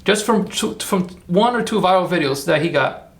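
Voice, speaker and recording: Gravelly, chatty livestream host man. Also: sits high, animated, moderate pace, a bit bright. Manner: chatty, rambling, encouraging. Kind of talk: casual livestream chat.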